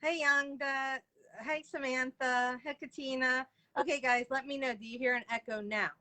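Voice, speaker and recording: A woman's voice: high-pitched, fairly even intonation, moderate pace, sharp tone. A woman hosting a live video interview, chatting casually and greeting viewers by name. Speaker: livestream interview host. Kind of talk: casual live-stream chat. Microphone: video call.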